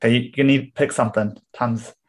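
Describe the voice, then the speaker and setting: A man hosting a quiz game, reading out movie quotes slowly and keeping time on the players. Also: medium pitch, steady tone. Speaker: quiz host.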